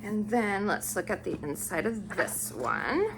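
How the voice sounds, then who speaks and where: A woman vlogger showing off a book haul, gushing and unhurried as she admires each book aloud. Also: mid-range voice, lively intonation, noisy background. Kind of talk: casual book haul show-and-tell.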